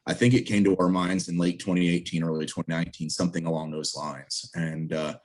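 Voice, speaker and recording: A man's voice: deep voice, level tone, a little fast, a little mellow. A man, president of a trail association, speaking earnestly and upbeat as a guest in a video-call interview, appealing for volunteers.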